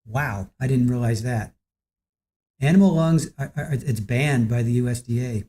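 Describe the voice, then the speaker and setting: A livestream host in casual chat, reading out viewer comments in a relaxed, chatty way with the odd chuckle. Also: medium pitch, normal speed.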